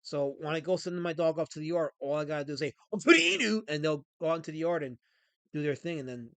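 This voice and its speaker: A man's voice: a little high, steady tone, quick pace, darkish tone, clean tone, no echo. A man with a scratchy throat, hosting a livestream and chatting, rambling and joking with viewers. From Pennsylvania. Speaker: livestream host. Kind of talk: casual livestream chat.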